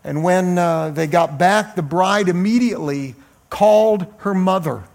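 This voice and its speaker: A male pastor preaching a sermon in a halting way, often pausing and restarting. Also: high-pitched, creaky, darkish tone. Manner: halting, with frequent uh fillers and restarts.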